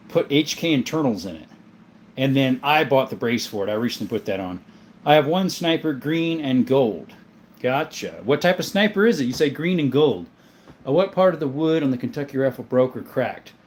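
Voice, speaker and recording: A man's voice: mid-range voice, animated, moderate pace, a little mellow, slight background noise. A man hosting a casual livestream, reading viewer comments aloud and answering them in a friendly way, often calling people "my friend.". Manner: friendly, answers viewer questions about his gun collection; often says "my friend" and "mate". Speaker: livestream host reading chat.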